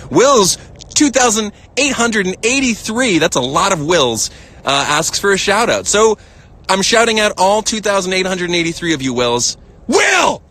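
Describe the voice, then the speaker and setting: A playful American man chats through a phone live stream, reading viewer comments out loud. His voice is bright and forward, and he keeps giggling and leaping up into a squeaky register for the jokes. He sounds relaxed, like he is talking from outdoors. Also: normal speed. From United States. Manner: playful, giggly, jumps up into a high voice when joking. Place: outdoors, lounging in a field.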